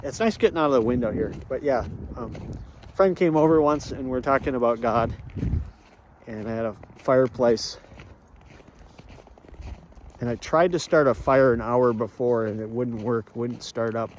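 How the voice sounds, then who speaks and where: This walk-and-talk vlog features a man strolling through a rural area, chatting, joking and rambling with lots of fillers. His mid-range voice moves at normal speed with long pauses, over a slight hiss or hum.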